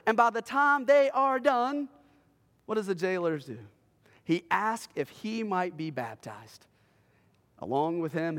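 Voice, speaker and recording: A man preaching a sermon as a pastor, telling a story dramatically and swinging between loud bursts and hushed lines. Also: very high voice, big-room sound. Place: church sanctuary.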